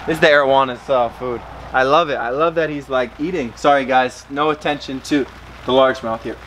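Excitable man vlogging outdoors. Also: brisk, slight background noise. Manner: excitable, talks to his fish in a high baby voice. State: in pain from a cut. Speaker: fishing vlogger. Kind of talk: casual vlog to camera. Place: outdoors by a backyard pond.

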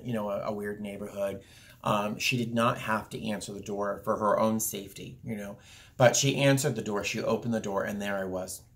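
Speaking to his camera through the viewfinder, this young vlogger has a lowish, slightly bright voice. His personal story wanders casually, packed with fillers and false starts.

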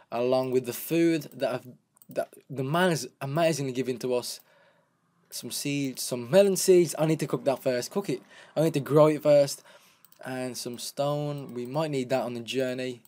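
A man giving casual let's-play commentary, chatty and narrating each step as he goes, counting out loud. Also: mid-range voice. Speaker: gameplay commentator.

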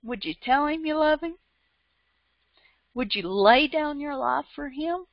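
A high-voiced woman preaching a sermon, unhurried and fervent, her emotion building into repeated praises. The sound is dry and close, and the recording is dull and lo-fi. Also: expressive, no echo.

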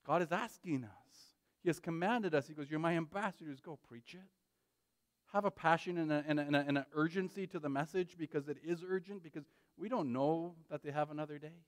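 A man's voice: on the high side, a little fast, hardly any pauses, no room sound, clean studio sound. A man preaching a sermon as pastor, urgent and pleading, often checking in with "right?".

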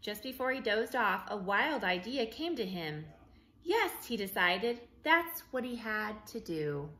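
Teacher reading a children's book aloud: a woman with a bright, lively, expressive voice. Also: medium pitch, unhurried, slight background noise, low-quality recording. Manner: expressive, clear storytelling. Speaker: early learning teacher.

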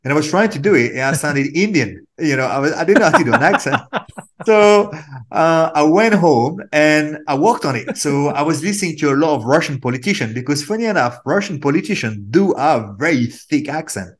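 A man with a French accent, an actor telling lively anecdotes as a guest in a casual interview. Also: fairly high pitch, a little fast.

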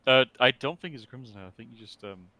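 A man sitting in on a game stream, giving quick, dry tips and advice in casual chat. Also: medium pitch, animated, bright, forceful tone, no room sound. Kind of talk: casual chat over gameplay.

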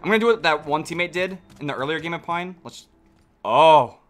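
A young man commentates his own shooter match live for viewers, excitable and quick to swear. His voice is bright and swings widely in pitch, sitting a bit higher than most men. Gunshots from the game rattle behind him. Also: soft background music. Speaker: streamer. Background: gunfire from the game.

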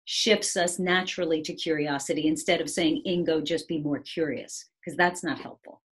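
A woman with a low, slightly rough voice talks about resilience at a moderate pace with fairly even intonation. Speaking on a video call, she reflects conversationally and keeps checking in with "right?".

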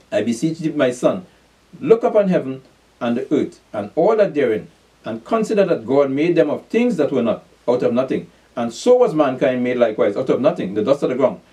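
Insistent preacher, far from the mic. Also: male voice, fairly high pitch, dark tone. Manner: reads scripture aloud, then drills listeners with call-and-response questions; repeats "pay attention" insistently, with brief chuckles. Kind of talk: scripture reading and sermon.

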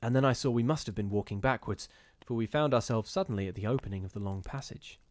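A man reading a gothic ghost story aloud in a measured, steady storytelling manner with occasional brief restarts. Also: mid-range voice, dry recording. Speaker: reader of ghost stories.

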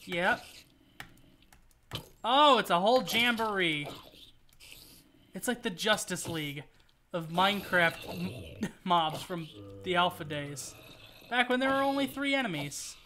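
A man's voice: high-pitched, lively intonation, unhurried, long pauses, pushed and bright, slight background noise. A man streaming a video game, rambling and joking through his play and swearing when things go wrong. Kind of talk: casual gameplay commentary.

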